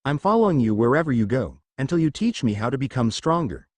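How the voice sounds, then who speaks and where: A man's voice: mid-range voice, very animated, quick pace, dry recording. A man doing an eager young hero. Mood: determined.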